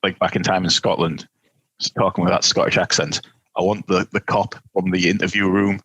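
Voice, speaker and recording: Male podcast co-host, husky and lowish voice, rambling and playful, dry close sound. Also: little pitch movement, a little fast, a bit bright, dry recording, low-quality recording. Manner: rambling, many restarts, playful. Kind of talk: casual film review chat.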